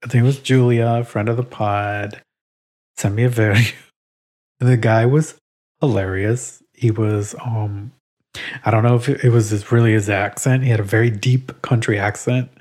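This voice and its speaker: A man co-hosting a casual podcast, talking in an animated way, laughing often and swearing now and then. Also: on the low side, moderate pace. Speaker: podcast co-host.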